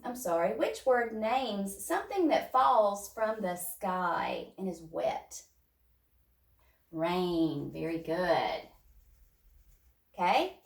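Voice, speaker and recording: A woman's voice: mid-range voice, recorded from a distance. A woman teacher leading young children through a phonics lesson, sounding out words step by step. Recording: echoey room, voice off-mic.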